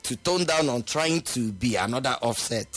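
A man's voice: mid-range voice, expressive, normal speed, fairly bright tone. Nigerian guy hosting a chat, teasing, opinionated, laughs a lot. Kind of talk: casual chat.

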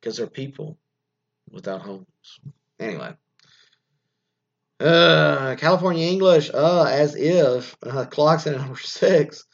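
A man's voice: a little high, lively intonation, unhurried, creaky. An American man giving rambling, opinionated podcast commentary, often restarting his sentences and reading news items aloud before going off on tangents. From United States. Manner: rambling, frequent restarts and fillers, reads news aloud then riffs. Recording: dull lo-fi sound.

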